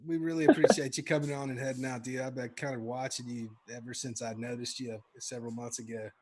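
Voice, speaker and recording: Chill podcast host dude, hyped, slangy, cusses a lot, normal pitch. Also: male voice, flat delivery, quick pace, a crowd in the background. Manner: enthusiastic, slangy, swears casually. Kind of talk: casual chat.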